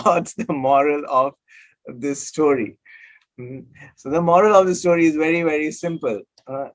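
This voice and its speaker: A counselor with a voice on the high side tells a parable and then offers advice, repeating himself for emphasis and hesitating often. The talk mixes storytelling with self-help, and the audio quality is poor.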